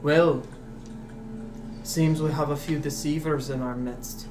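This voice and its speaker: A man's voice: on the high side, fairly even intonation, takes it slowly. A sneering dwarf mercenary leader voiced by a man. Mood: accusing.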